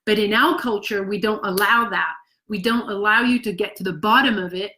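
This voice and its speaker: Calm reflective woman acting coach. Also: medium pitch. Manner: calm, reflective, many pauses and fillers. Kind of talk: teaching to camera.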